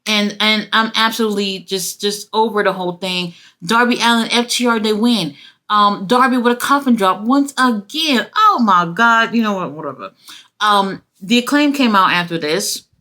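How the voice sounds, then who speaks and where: A woman reviewing a wrestling show in casual talk. She is blunt, exasperated and swears freely, with jumpy animated asides. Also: medium pitch, normal speed.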